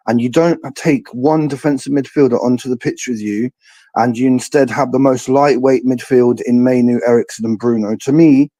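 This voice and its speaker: Man, warm dark voice, dry close sound, measured football analysis. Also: mid-range voice, dry recording. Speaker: guest on stream. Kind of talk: casual football discussion.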